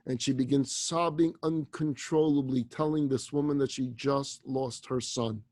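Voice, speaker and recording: A man, a rabbi, telling a story in a sermon, shifting dramatically between hushed and loud. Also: medium pitch, fairly even intonation, moderate pace, no echo.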